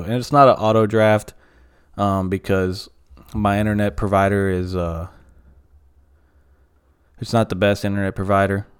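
Man, solo podcast host, casual rant, profane and rambling, lowish smooth voice. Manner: profane, rambling, frequent fillers.

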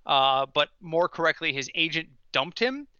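A man co-hosting a casual sports podcast, telling stories in an animated way and ranting toward comic punchlines. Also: a little high, moderate pace, smooth, dry recording, highs cut off. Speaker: podcast co-host.

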